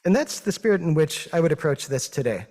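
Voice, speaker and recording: A man with a Midwestern accent, a physician giving a thoughtful, modest talk with slides, pausing often with fillers. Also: a little high, sing-song, warm tone. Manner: thoughtful, hesitant, with many fillers; modest and self-deprecating. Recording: long reverb of a hall.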